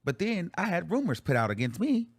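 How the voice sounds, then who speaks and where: A man's voice: high voice, sing-song, brisk, husky, dry recording, clean studio sound. Blunt, profane man hosting a livestream. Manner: blunt, profane, talks straight to viewers. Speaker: livestream show host. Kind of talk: casual livestream talk.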